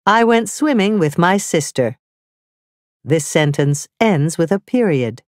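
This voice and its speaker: A woman narrating a scripted grammar lesson, reading slowly and carefully with clearly spelled-out examples. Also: on the low side, expressive, no room sound, studio quality. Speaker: teacher.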